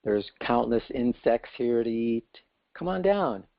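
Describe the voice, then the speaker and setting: A man's voice: medium pitch, animated, takes it slowly, vocal fry, dull audio. A man voicing a small, contented male frog who boasts about his well and then marvels at the wide world. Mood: inviting.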